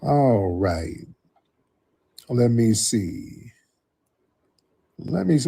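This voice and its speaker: A man's voice: medium pitch, big pitch swings, drawn-out words, gravelly, dark tone, husky. A man hosting a call-in livestream, talking bluntly and mocking his callers. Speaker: livestream host. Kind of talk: livestream commentary.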